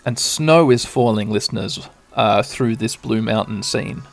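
A man hosting a podcast, casually narrating a game playthrough in a relaxed, rambling way. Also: on the low side, unhurried, creaky. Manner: relaxed, rambling, with filler ums. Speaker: podcast host.

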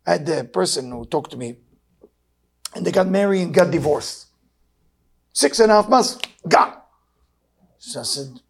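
A man, an English speaker, giving a Torah class with animated storytelling and broken grammar. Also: fairly high pitch, a little slow, creaky, long pauses, breathy edge. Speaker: Torah teacher. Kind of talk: weekly Torah class talk.

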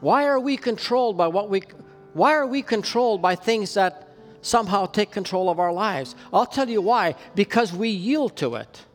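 With soft music in the background, a Canadian man preaches a sermon as pastor in a church hall full of long reverb. His voice is high and animated, at normal speed, growing louder for emphasis as he earnestly shares a personal story.

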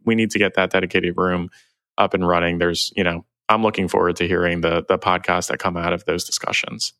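Male podcast host, very low voice, casual, reads listener mail. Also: no room sound. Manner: reads listener feedback and shout-outs. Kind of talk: casual chat. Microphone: remote call recording.

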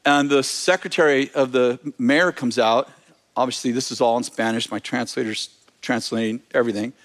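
A man, a preacher, telling a testimony story in an animated way, with frequent restarts and fillers. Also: mid-range voice, normal speed.

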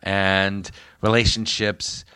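A man's voice: low voice, flat delivery, slow, pushed and bright, clean tone, no echo, studio quality. A man hosting a casual comic book chat in a store. He rambles enthusiastically, with lots of fillers. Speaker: podcast host.

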